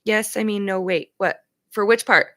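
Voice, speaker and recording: A woman's voice: medium pitch, fairly even intonation, normal speed, sharp tone. A woman hosting a casual talk show, speaking in an emphatic, chatty way and openly sharing her feelings about empathy and boundaries. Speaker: show host.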